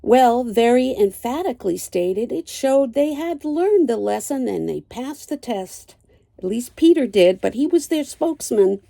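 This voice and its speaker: An older woman teaching a Bible lesson, reading slowly and deliberately and citing chapter and verse. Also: a little high, lively intonation, creaky, dark tone, no room sound.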